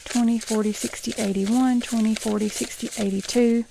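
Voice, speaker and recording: A middle-aged woman talks in a relaxed, casual way while she counts money out loud. She adds chatty asides between the counts, and now and then drops into a soft whisper. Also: on the high side, fairly quick, vocal fry, a little hiss or hum. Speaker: budgeting vlogger.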